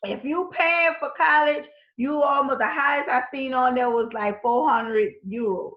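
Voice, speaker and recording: A woman's voice: high voice, moderate pace. An American woman vlogger talking casually and emphatically to camera about paying for college, gesturing with her hands as she talks. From United States. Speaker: vlogger giving college funding advice. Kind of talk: casual direct-to-camera talk. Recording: echoey room, dull lo-fi sound.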